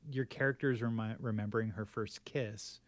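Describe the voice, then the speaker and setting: A man with a lowish voice talks in loose, rambling podcast chat, stacking fillers and restarts as he goes. The sound is dry and close, with no room around it. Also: steady tone, moderate pace, dry recording. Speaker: podcast co-host. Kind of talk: casual chat.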